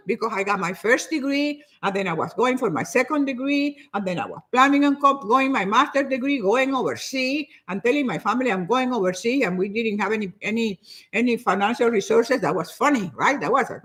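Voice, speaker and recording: An older woman giving a motivational talk in an animated, preachy way, often repeating herself for emphasis. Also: fairly high pitch, fairly quick. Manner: acts out other people's nagging voices. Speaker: motivational speaker.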